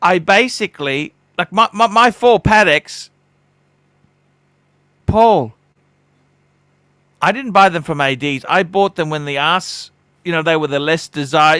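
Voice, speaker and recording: A high, bright-voiced man hosts a casual livestream chat in a dry, close sound. He talks bluntly, swears freely and likes to mock others by putting on their voices. His tone is sharp and direct. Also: unhurried, long pauses, clear, resonant tone, no echo. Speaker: livestream host.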